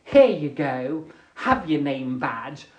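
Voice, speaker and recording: Man putting on a bossy organizer woman, chirpy, sing-song, slow announcing. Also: fairly high pitch, big pitch swings, roomy sound, voice pushed down. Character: bossy female speed-dating organizer.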